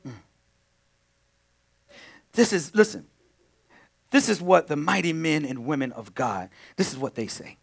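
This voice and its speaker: A man preaching a sermon to his congregation. His voice sits high and swoops widely, jumping from loud outbursts to hushed, near-whispered asides. He keeps turning to the room, calling on everyone and repeating his key lines. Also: big pitch swings, a little slow, gravelly, long pauses, breathy edge. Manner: preaching with sudden swings between loud exclamations and hushed asides; addresses the congregation as y'all, repeats phrases. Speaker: pastor.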